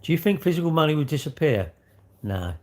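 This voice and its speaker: A middle-aged British man hosts a livestream, talking casually and rambling while acting out little back-and-forth exchanges. His voice sits a little high, with a darkish tone, and he speaks fairly quickly and with lots of animation.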